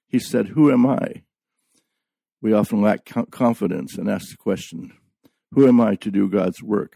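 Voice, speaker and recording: Male preacher, low and gravelly, dark mellow tone, dry close sound, measured emphatic delivery. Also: no room sound. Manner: slow, deliberate, emphatic on key words. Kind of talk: sermon.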